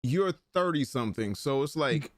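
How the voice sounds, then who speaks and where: A young man co-hosting a casual podcast, talking in a lively, joking way that often leaps into high excited bursts. His voice sits at an everyday middle pitch. The sound is dry and close, with no room around it. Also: normal speed, no echo. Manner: animated storyteller, laughs often, jumps into high excited bursts. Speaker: podcast co-host. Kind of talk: casual chat.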